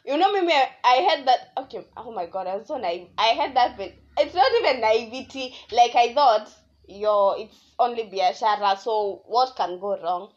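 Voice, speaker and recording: Young Kenyan woman, podcast host, rambling storyteller, fairly high voice, dull lo-fi sound. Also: moderate pace. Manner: rambling, animated, switching between English and Swahili slang. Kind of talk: casual solo podcast storytelling. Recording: dull lo-fi audio.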